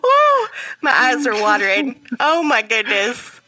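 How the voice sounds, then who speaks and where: Giggly high-voiced woman. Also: expressive, unhurried, bright, forceful tone, no echo, low-quality recording. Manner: giggly, laughs often. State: tired and slap-happy. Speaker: podcast co-host. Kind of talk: casual chat.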